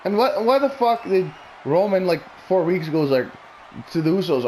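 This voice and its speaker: A man rants in a casual, unscripted way, blunt and full of cursing as he wanders from point to point. His voice sits a little high for a man, and a faint hiss runs under the recording. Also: expressive, normal speed, darkish tone. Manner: profane, blunt, opinionated, rambling. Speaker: wrestling commentary vlogger. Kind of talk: casual ranting predictions.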